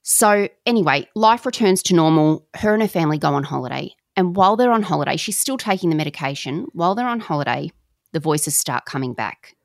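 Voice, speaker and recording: Woman, low voice with a gravelly fry, dry close sound, lively casual storyteller, slangy, swears now and then. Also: a little fast, no echo. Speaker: podcast co-host.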